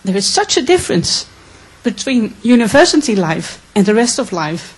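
A woman from the Netherlands, asking an earnest, emotional question at a conference Q&A with many halting restarts. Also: on the high side, very animated, breathy edge, poor audio. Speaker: audience member asking a question.

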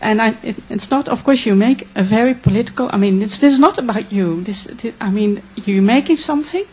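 A woman from the Netherlands asking a question from the floor, earnest, emotional and halting. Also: fairly high pitch, a little mellow, breathy edge, rough recording. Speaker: audience questioner.

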